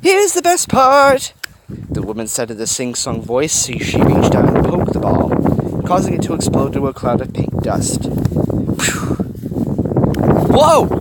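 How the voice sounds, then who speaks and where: A man reading a story aloud on a handheld recorder while walking a dog outdoors, expressive with casual asides. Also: medium pitch, moderate pace. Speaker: fan fiction reader. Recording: loud outdoor background noise.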